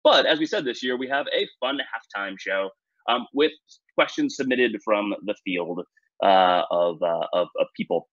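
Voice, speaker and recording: A man hosting a trivia quiz in a relaxed, self-deprecating way, with many "uh"s and "um"s, on a dull, dry, lo-fi recording. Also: mid-range voice, dry recording. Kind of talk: casual quiz-show hosting.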